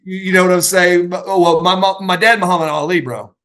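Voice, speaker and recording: A middle-aged man spins backstage stories with a lot of energy, slipping into the voices of the people he quotes. His voice sits a little high for a man, and he stumbles over restarts as he talks. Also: a little fast. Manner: animated anecdotes, acting out quoted voices, many restarts. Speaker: podcast guest, retired wrestler. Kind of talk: casual storytelling.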